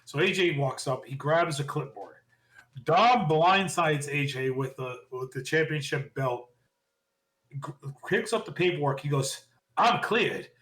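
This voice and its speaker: Excitable man recapping wrestling. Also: a little high, unhurried. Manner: excitable storyteller, laughs often, acts out quotes. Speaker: podcast co-host. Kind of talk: casual wrestling recap chat.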